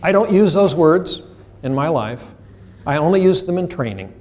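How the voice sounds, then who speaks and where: American guy teaching a seminar, kinda high voice, lively and direct with the crowd. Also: normal speed, a little hiss or hum. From United States. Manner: animated, direct, quizzes and teases the audience. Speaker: trainer presenting a seminar. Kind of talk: live seminar lecture to a room. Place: seminar room with an audience.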